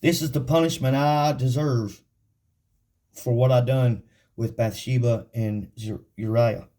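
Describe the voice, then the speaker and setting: A man teaching the Bible in a casual, folksy storytelling way, with frequent laughs, and reading scripture slowly and deliberately. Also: mid-range voice, fairly even intonation, dark tone.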